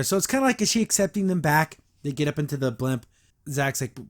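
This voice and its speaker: A man's voice: on the high side, fairly quick. A young man hosting a podcast, recapping and reacting to a cartoon episode in a casual, enthusiastic, rambling way. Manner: enthusiastic, rambling, frequent restarts and laughs.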